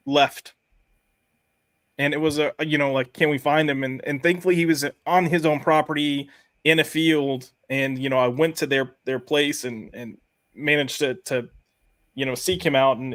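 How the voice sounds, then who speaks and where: A man's voice: medium pitch, dry recording. Earnest man hosting, dry close sound. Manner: earnest, halting storytelling. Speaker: podcast host. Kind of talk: casual panel discussion.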